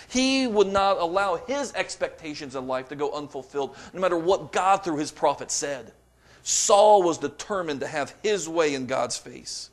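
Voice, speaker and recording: A man delivering a sermon, reading scripture aloud with dramatic emphasis and rising to forceful peaks. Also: sits high. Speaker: preacher.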